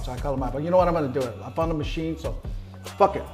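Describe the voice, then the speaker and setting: A man with a fairly high voice tells a story in casual talk, swearing freely. He acts out the quoted voices of the people in it. Faint music plays behind him. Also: rapid-fire. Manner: profane, animated, acts out quoted dialogue. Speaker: guest.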